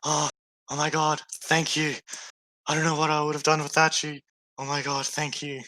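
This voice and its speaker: A flustered, breathless young woman traveler, as a man puts her on, raised well above his own register. She gushes her thanks with a bright, tense edge, recorded close and dry. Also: a little high, monotone, normal speed, dry recording, voice pushed up, rough recording. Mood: gushing relief.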